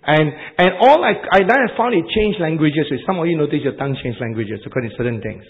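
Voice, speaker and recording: A man with an Asian accent preaching a sermon, animated and repetitive, laughing at his own jokes. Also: a little high, fast talker, phone-quality sound.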